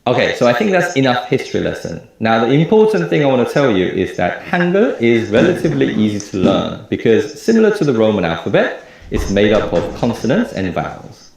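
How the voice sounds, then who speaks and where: A man teaching a recorded lecture, explaining clearly and repeating example words slowly. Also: medium pitch, very animated, a little mellow, very echoey. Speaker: language teacher.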